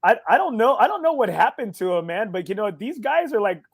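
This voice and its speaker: High-voiced chummy podcast host. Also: male voice, sing-song, fairly quick, creaky, husky. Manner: friendly, chummy, repeats phrases. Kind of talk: casual interview chat.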